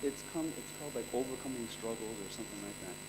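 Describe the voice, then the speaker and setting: A California man in his thirties gives a casual, chatty workshop talk as a live presentation, laid-back and full of slang and stories. He speaks fast at a medium pitch, and the recording from a reverberant hall is very noisy.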